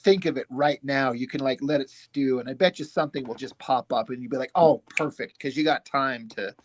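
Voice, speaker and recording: A man's voice: medium pitch, brisk, a little hiss or hum. A man in his thirties, a comic book creator, chatting casually and animatedly, acting out what he says to himself and his friends. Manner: animated, acts out his own quoted thoughts.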